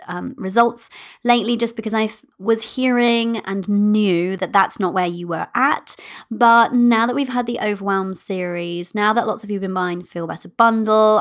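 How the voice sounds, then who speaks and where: Bubbly woman podcast host. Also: medium pitch. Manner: bubbly, playful, giggly, affectionate. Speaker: podcast host and manifestation coach. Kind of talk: casual solo podcast chat.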